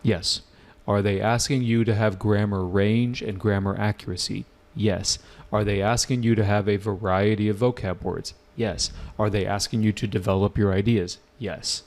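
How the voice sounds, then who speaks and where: Emphatic lower-voiced male teacher. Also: moderate pace, few pauses. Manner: energetic, repeats points for emphasis, asks students questions. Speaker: English test-prep teacher. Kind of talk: live online lesson.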